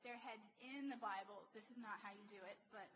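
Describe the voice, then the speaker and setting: A woman's voice: mid-range voice, fairly quick, background noise. A woman preaching a sermon to a congregation, speaking in a conversational way and often putting questions to the listeners. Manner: animated, conversational, asks the audience questions. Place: church hall with a congregation.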